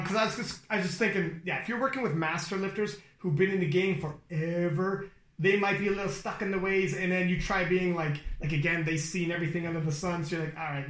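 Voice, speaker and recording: A man hosting a podcast, telling stories in a casual, animated way and swearing freely. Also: high-pitched, roomy sound. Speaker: podcast host.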